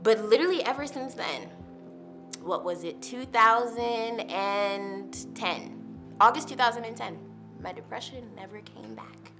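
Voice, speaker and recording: With music behind her, a young university student speaks in a slightly high voice at a slightly slow pace. She is a young adult woman giving her personal testimony openly and casually, her speech full of "like" and "literally."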